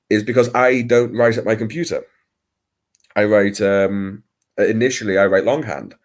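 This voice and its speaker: A man with a fairly low, darkish voice hosts a late-night livestream from his home computer mic. He chats casually, rambling and self-deprecating, with lots of hesitations.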